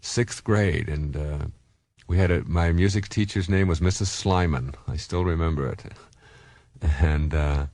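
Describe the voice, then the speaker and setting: A man's voice: sits low, measured pace, darkish tone, no room sound. A middle-aged man giving a recorded self-help talk, telling personal stories conversationally with frequent fillers and restarts.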